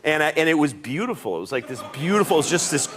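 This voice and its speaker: A man's voice: a little high, quick pace, soft background music. A man guesting on a talk show, telling comic stories and acting out little voices as he goes. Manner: animated, acts out voices. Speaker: comedian guest.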